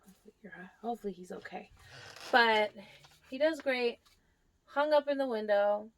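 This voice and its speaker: A woman's voice: fairly high pitch, a little slow. A young woman giving a casual tour of her houseplants, chatting fondly to them and sometimes dropping to a near whisper. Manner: drops to a near whisper at times. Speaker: plant vlogger. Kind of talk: casual plant tour vlog.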